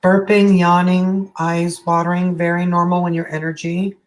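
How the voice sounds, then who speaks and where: A woman's voice: on the low side, level tone, normal speed. Chatty, frank middle-aged woman healer. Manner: chatty, frank, swears casually. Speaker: energy healer. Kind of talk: casual live healing session.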